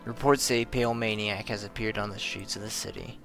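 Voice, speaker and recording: A young man playing a horror game, reading the on-screen text aloud and yelling and swearing when things go wrong. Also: fairly low pitch, steady tone, fairly quick, soft background music. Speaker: let's play gamer. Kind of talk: horror game playthrough commentary.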